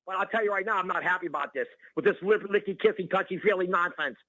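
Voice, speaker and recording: A male caller rants on a talk radio show, his voice high and quick. It sounds bright and sharp, dry and close. The sound is dull and lo-fi, like a phone line. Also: dry recording. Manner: ranting, excitable, repeats the host's name. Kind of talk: heated call-in rant.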